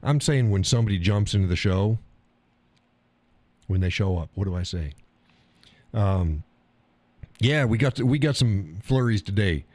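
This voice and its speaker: A man's voice: on the low side, lively intonation, a little slow, pauses often, darkish tone, no echo. A man hosting a casual live stream, joking in a folksy way, reading viewers' comments aloud and laughing often.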